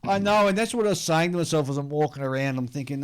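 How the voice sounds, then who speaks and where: A man's voice: fairly high pitch, lively intonation, fast, clear, resonant tone. An Australian man co-hosting a hobby podcast, chatting casually and reading out listener mail, rambling and laughing at himself. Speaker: podcast co-host.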